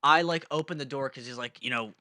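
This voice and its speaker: A young man co-hosting a podcast, telling a story in a casual, animated way and acting out quoted shouts. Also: mid-range voice, fast, dry recording, clean studio sound. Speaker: podcast co-host.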